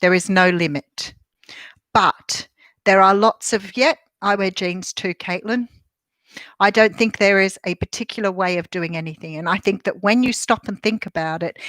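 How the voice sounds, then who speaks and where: A woman's voice: lowish voice, a bit bright, no echo, low-quality recording. Chatty Australian woman talking to viewers. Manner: chatty, reflective, greets viewers by name mid-thought. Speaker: livestream host. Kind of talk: casual live chat talking to viewers.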